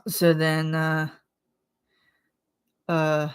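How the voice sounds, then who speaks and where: A woman chatting casually to her channel in a lowish voice. She talks slowly and rambles, with plenty of filler words and quick laughs. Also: completely flat delivery, clean tone. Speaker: channel host. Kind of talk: casual monthly chat vlog.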